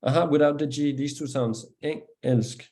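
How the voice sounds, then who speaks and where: A man with a Danish accent gives a patient one-on-one pronunciation lesson, modelling sounds slowly and praising the learner's attempts. His voice is mellow and dark, sitting at an ordinary middle pitch. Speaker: language teacher.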